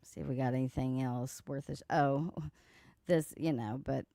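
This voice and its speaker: A woman's voice: very deep voice, fairly even intonation, moderate pace, gravelly, warm tone, no room sound, clean studio sound. A woman hosting a casual commentary livestream, mocking and swearing. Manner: sassy, mocking, swears a lot, laughs at clips. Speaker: livestream host.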